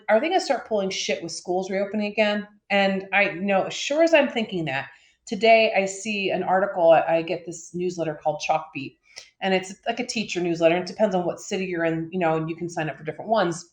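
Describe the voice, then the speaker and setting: A woman's voice: medium pitch, brisk, roomy sound. Frustrated, profane woman ranting. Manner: frustrated, profane, rambling with many fillers. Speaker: podcast co-host. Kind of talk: casual ranting chat.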